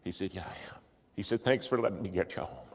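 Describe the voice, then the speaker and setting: A man's voice: low voice, fast. A man preaching in a storytelling way, animating the voices in his story, recorded in a large hall. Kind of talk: storytelling sermon. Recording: long hall reverb.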